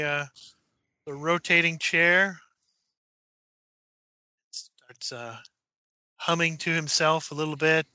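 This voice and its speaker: A man running a tabletop horror game as game master, narrating with halting fillers and dropping to a whisper for eerie moments. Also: on the high side, vocal fry, sharp tone, no echo, muffled recording. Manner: halting, many fillers, drops to a whisper for spooky parts.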